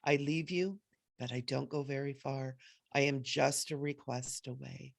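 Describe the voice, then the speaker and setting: Gentle male archangel voiced by a channeling woman, slow, solemn, soothing, gravelly edge, dry sound. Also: a bass voice, steady tone, no room sound, heavily acted. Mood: tender. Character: benevolent male archangel offering help and blessings. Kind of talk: spiritual channeling.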